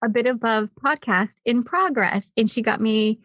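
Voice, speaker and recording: A woman hosting a podcast, telling stories in an animated, chatty way with many filler "like"s. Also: fairly high pitch, normal speed, no echo, highs cut off. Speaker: podcast host. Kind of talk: casual chat.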